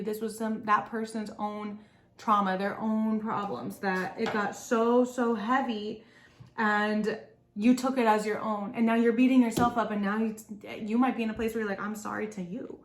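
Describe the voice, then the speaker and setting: A woman's voice: a little high, little pitch movement, moderate pace. A woman giving a casual pick-a-pile tarot reading, chatty and encouraging, talking straight to her viewers. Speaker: tarot reader. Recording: echoey room with faint background noise.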